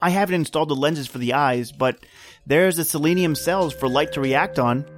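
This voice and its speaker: An actor playing a tired, secretive young inventor who is terse and defensive, in a radio drama. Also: male voice, on the high side, moderate pace, faint music behind, close to an everyday voice.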